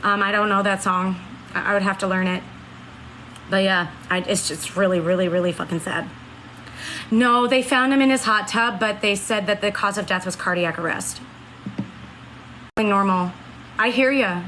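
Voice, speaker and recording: A woman's voice: medium pitch, moderate pace, long pauses, pushed and bright, a little hiss or hum, low-quality recording. A woman in her late thirties chatting earnestly on a live stream, reading out and answering viewer comments. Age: 30s. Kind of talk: casual live-stream chat.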